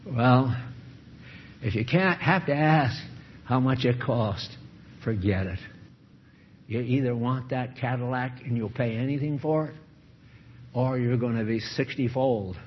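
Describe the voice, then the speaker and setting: A man's voice: mid-range voice, measured pace, slight background noise. An older man, a pastor, preaching a sermon full of rhetorical questions and repeated lines. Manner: rhetorical questions, repetitive emphasis. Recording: dull lo-fi recording.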